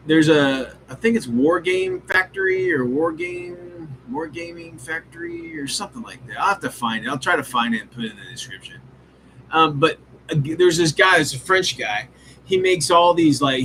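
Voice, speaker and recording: Guy hosting a live hobby stream, kinda high voice, swears a lot, rambles with tons of ums, faint room hum behind. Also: fairly bright tone, poor audio. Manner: rambling, profane, enthusiastic, lots of fillers. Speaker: hobby show host. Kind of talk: casual live-stream chat.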